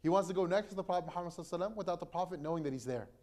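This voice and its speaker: A young man, an imam, retelling a story to a gathering in a relaxed, conversational way, full of fillers and restarts. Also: high voice, very fast. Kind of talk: casual storytelling talk.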